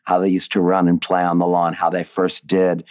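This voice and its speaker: An author and lyricist, speaking in a low-pitched voice at normal speed with a clean tone, is interviewed about his writing. He talks expressively and digressively, with many restarts and moments of emotion.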